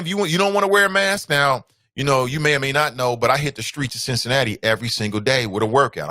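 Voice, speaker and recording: Male talk show host, casual ranting monologue, bright forceful tone, dry close sound. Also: no echo. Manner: emphatic, ranting, jumps into loud high outbursts; conversational asides and fillers.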